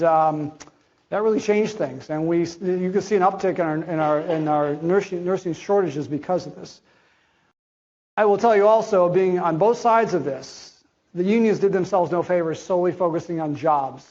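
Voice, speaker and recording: A man's voice: high-pitched, darkish tone, highs cut off. A man giving a conference talk as a chief medical officer, blunt and conversational with slangy asides.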